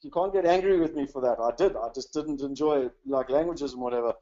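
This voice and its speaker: With the highs cut off in the recording, a South African man from South Africa hosts a relaxed, upbeat webinar, his speech thick with "you know." He speaks fast in a medium-pitched, warm voice.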